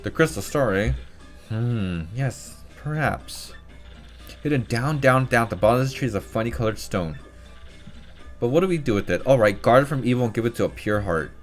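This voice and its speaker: A man's voice: medium pitch, expressive, moderate pace, soft background music, natural voice. A man voicing a cranky old female tribal elder who scolds, barks orders and lectures impatiently. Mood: lecturing. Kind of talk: voiced game playthrough.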